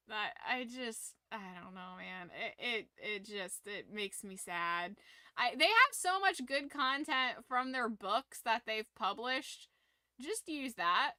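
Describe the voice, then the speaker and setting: A woman live-streaming to her viewers, talking in an animated, rambling way. Her voice is very bright and crisp, recorded dry and close. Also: fairly high pitch, dry recording. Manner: animated, rambling fan enthusiasm with frequent laughs. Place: home room with her collectibles behind her.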